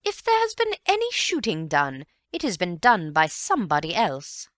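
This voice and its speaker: Though her voice is on the low side, the performer pushes it up, letting the pitch swoop wildly at a moderate pace with a slightly bright edge. She plays an emphatic, gushing, indignant middle-aged society mother in an audiobook, given to gossip and self-importance, in clean, echo-free studio sound.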